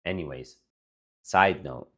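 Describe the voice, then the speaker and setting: A man's voice: a bass voice, slow pace, slightly rough. A young man co-hosting a casual podcast with his sister, telling stories animatedly and swearing freely. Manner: animated storytelling, acts out quotes, swears a lot. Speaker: podcast co-host. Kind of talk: casual chat.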